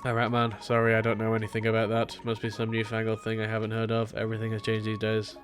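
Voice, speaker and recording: A man's voice: on the low side, completely flat delivery, fast, soft background music, natural voice. A man putting on a prim old lady tailor. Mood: grumbling. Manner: prim and tight-lipped. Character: elderly female tailor shopkeeper, guarded and grumbling.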